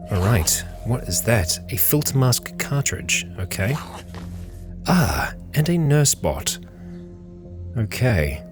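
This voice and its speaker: A man narrating a game playthrough as host, talking calmly and musing aloud to his character. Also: on the low side, slow, music in the background. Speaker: let's play host.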